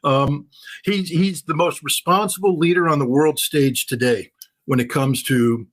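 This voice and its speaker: An older man giving fast, emphatic political commentary as a guest, with lots of repetition. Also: fairly high pitch. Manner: emphatic, rapid, repetitive phrasing.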